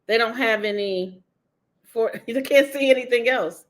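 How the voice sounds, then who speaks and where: Woman author, interview guest; higher voice, emphatic and animated, laughs a lot. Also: a little slow. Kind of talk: candid interview conversation.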